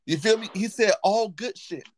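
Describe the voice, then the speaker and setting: A man's voice: high-pitched, normal speed, background noise. A man hosting a casual podcast chat, talking emphatically and hammering his points by repeating words. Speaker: podcast host; football coach.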